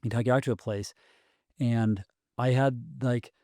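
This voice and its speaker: Male guest, 40s, halting storyteller, mid pitch, dry. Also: steady tone, dark tone, no echo. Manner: halting, restarts often, many ums. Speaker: podcast guest. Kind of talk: casual storytelling conversation.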